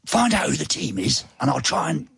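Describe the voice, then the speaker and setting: A man's voice: fairly high pitch, sing-song, fairly quick, gravelly, a bit bright, husky, no echo, studio quality. A male radio host, chatting and teasing his co-host on a live show. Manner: playful, teasing, sing-song jokes. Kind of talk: casual live radio banter.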